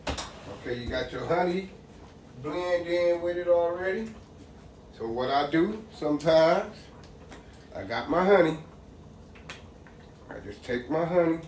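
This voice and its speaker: A home cook vlogger casually shows off his cooking in his home kitchen, talking to viewers as "y'all" in a laid-back way. His voice is a little high, expressive, mellow and unhurried, with long pauses. The roomy kitchen has faint background ambience plus a little hiss or hum.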